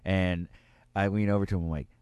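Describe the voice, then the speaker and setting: A young man hosts a casual radio chat. He tells stories in an animated way and laughs often. His voice is mid-pitched and recorded dry. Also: fairly quick, smooth, no room sound. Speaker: radio host.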